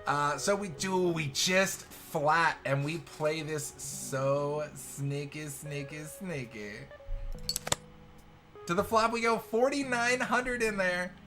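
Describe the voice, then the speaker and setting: Excitable joking man calling poker hands. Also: sits high, measured pace, few pauses. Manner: excitable, joking, swings from loud cheers to quiet murmurs. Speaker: poker show host. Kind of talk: live poker hand commentary. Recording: music playing behind the voice.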